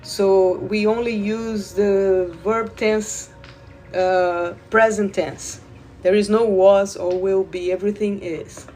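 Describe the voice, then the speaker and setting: A woman who guides Reiki, talking slowly and loosely to viewers in a live stream, repeating words and addressing them directly. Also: medium pitch, fairly even intonation, a little mellow, soft background music. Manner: slow, meandering, repeats words, talks to viewers. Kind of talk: live spiritual stream talk.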